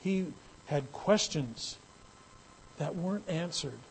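A man's voice: on the high side, animated, slow, slight background noise, poor audio. A man preaching a sermon in a conversational way that builds into emphatic, raised passages. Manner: conversational, rising to emphatic bursts. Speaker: pastor.

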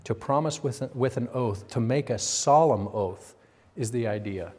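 A middle-aged male pastor preaches a sermon, alternating between raised, emphatic passages and quiet, confiding asides. His voice is medium in pitch and his speed is normal.

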